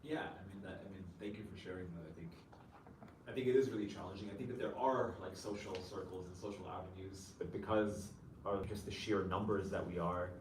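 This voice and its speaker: A man's voice: deep voice, fairly even intonation, fairly quick. Man chaplain talking in a roomy hall. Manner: conversational, leans on "like" and "you know", rhetorical "right?". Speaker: chaplain and guest speaker. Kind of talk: answering an audience question at a campus talk. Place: campus event room. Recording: roomy, distant, faint noise.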